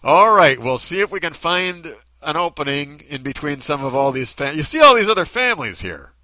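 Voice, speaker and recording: A man's voice: a little high, sing-song, normal speed, pushed and bright, no echo, heavily acted. A man voicing a curt, skeptical male church usher who asks pointed questions.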